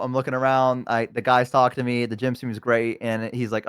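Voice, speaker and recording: A young man telling a long story in a casual chat, animated and quick to act out the people in it. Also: medium pitch, clean tone, no room sound. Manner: animated, laughing, acts out voices in his stories. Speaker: guest storyteller.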